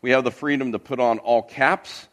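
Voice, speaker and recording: A pastor preaching an expository sermon in church, earnest, with frequent uh and restarts. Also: male voice, medium pitch, steady tone, moderate pace, fairly bright tone.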